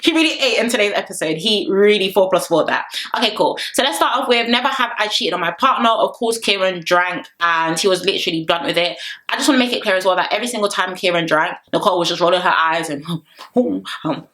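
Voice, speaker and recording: A young woman talks through a reality TV episode in a loose, chatty commentary. She is animated and laughs often. Her voice sits at an ordinary middle pitch. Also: fast. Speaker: reality TV reviewer. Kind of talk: casual commentary.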